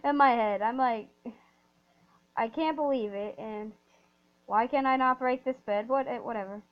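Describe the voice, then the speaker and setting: A woman telling a rambling, excitable story while playing a game, often restarting her sentences. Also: on the high side, moderate pace, dull audio. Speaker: gaming storyteller. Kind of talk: storytime over gameplay.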